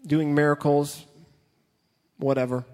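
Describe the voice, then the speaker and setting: Youth preacher man, fairly high voice, playful and dramatic, reverberant hall sound. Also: level tone, slow, darkish tone. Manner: joking, dramatic storytelling, reads scripture aloud. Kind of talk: casual sermon with Bible reading.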